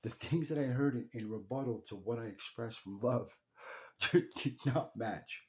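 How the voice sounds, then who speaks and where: A man's voice: medium pitch, measured pace. A young man speaking directly to his late father, telling a raw, emotional story of his parents' funeral and swearing freely. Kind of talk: emotional personal monologue.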